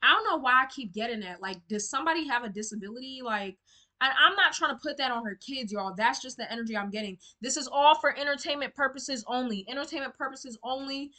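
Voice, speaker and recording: Blunt, bright-voiced woman tarot reader. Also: sits high, fast talker. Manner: blunt, outspoken and talkative. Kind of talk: casual tarot reading to camera.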